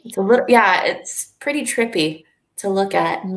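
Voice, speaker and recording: A woman's voice: medium pitch, normal speed. A woman from Canada with a Canadian accent, co-hosting a live online English lesson, easygoing and laughing often as she thinks aloud. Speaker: English teacher co-hosting a livestream.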